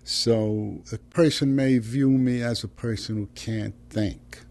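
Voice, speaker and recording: Gravelly old New York man. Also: mid-range voice, fairly even intonation, takes it slowly, darkish tone. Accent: New York City working-class. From New York City. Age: older. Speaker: interviewee. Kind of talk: interview.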